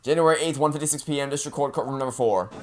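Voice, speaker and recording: A man's voice: mid-range voice, very fast. A man playing through a video game and reading its dialogue aloud with playful, joking asides. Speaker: let's play gamer.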